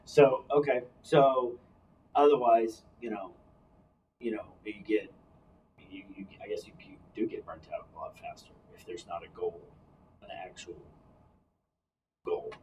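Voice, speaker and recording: A man's voice: on the low side, fairly even intonation, a little slow, pauses often, a little mellow, highs cut off. A man hosting a casual talk show, chatting with his guest and reading out announcements. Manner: conversational, reads out announcements. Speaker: host. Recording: distant mic with faint background noise.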